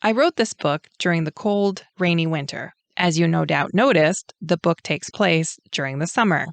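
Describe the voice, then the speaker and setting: A woman's voice: fairly low pitch, moderate pace, vocal fry, no echo. A woman author with a Canadian accent reading her own author's note with friendly, self-deprecating humor. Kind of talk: author's note, read aloud.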